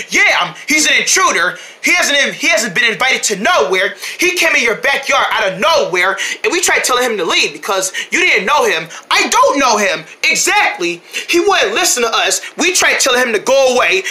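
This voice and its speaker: A woman voicing all the characters of a homemade toy cartoon, switching quickly between playful voices. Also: a little high, bright, forceful tone.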